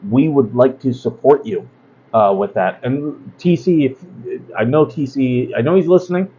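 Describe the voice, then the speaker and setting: A man's voice: mid-range voice, normal speed, warm tone, slightly rough, muffled recording. A man hosting a casual livestream talk, blunt and rambling, with many fillers and asides. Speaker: host.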